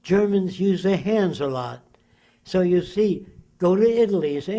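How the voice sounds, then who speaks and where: An elderly man in his nineties answers an interviewer at length, sounding emphatic and preachy. His voice sits a little high, and he keeps throwing rhetorical questions at his listener. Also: animated, a little slow, dark tone. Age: 90s.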